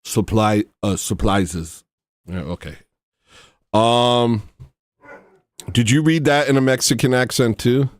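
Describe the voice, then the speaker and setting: A tired man hosting a livestream, talking casually in a rambling, mocking, irreverent way with sudden high-pitched outbursts. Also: unhurried, pauses often, no room sound, clean studio sound. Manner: slips into loud high-pitched bursts. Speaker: livestream host.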